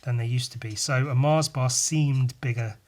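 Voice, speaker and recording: A man's voice: mid-range voice, fairly even intonation, normal speed. A young man hosting a solo podcast, telling a meandering story full of swearing, wry asides and frequent fillers. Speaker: podcast host.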